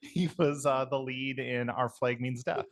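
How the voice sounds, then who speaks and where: A co-host of a casual chat show who talks in a rambling, halting way, with many fillers. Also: medium pitch, steady tone.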